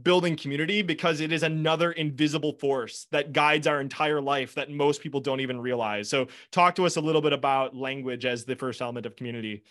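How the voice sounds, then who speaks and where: A man's voice: on the high side, steady tone, quick pace, hardly any pauses, a bit bright. Earnest rambling male podcast host. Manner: earnest, rambling, frequent restarts and mild swearing. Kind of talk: casual interview chat. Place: home studio with foam panels.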